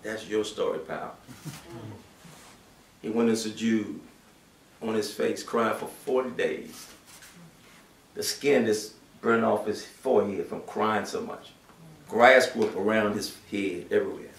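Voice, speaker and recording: A man giving a Friday sermon, switching between shouted acted-out voices and hushed, quiet passages. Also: fairly low pitch, measured pace, long pauses, a little hiss or hum. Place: mosque prayer hall. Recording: echoey room from a distance.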